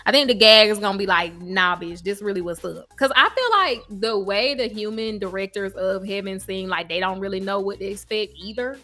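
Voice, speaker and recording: A woman co-hosting a podcast in casual chat, talking in a slangy, emphatic, relaxed way. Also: medium pitch, brisk, few pauses, soft background music. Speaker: podcast co-host.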